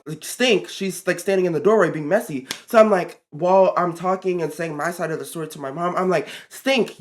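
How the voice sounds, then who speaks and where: A teenage guy with a slightly higher than usual voice tells a storytime vlog. He talks casually and gets worked up, leaning on fillers and repeating himself as he recounts things. It sounds like a vlog. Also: brisk, few pauses. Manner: animated, exasperated storytelling with many fillers. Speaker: vlogger.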